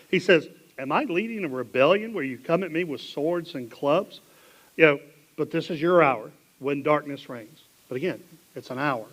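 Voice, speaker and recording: A man with a Southern American accent preaching a sermon in a church, reading scripture dramatically and dropping into quiet asides. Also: on the high side, poor audio. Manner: animated, dramatic Bible reading with sudden drops to hushed asides. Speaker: pastor. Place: church sanctuary.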